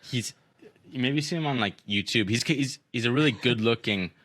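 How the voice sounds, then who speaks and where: A young male podcast host tells a story in a casual chat, rambling, swearing, and using lots of fillers. His medium-pitched voice is a bit bright, at a normal speed, with no echo.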